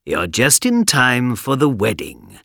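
A man voicing a scheming, greedy king in a storybook, speaking slowly and mockingly. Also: mid-range voice, wildly swooping pitch, vocal fry, fairly bright tone, no room sound, studio quality, voice pushed up, heavily acted. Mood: smug.

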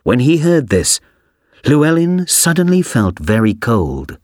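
A man reading a story aloud for a language textbook, slowly, clearly and expressively. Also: medium pitch, sing-song, a little mellow, dry recording, clean studio sound. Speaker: audio reader for a textbook. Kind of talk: scripted storybook narration.

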